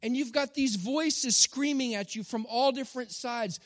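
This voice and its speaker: A middle-aged man preaching a sermon with animated, dramatic storytelling and emphatic repetition. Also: very high voice, moderate pace, hardly any pauses. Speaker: pastor. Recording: long hall reverb.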